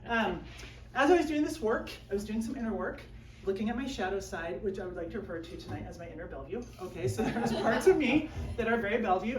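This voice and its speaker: A woman performing a self-mocking stand-up set at a small live comedy show, acting out her own whiny inner voice. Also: mid-range voice. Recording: roomy live room, mic a bit distant, faint background noise. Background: audience laughter.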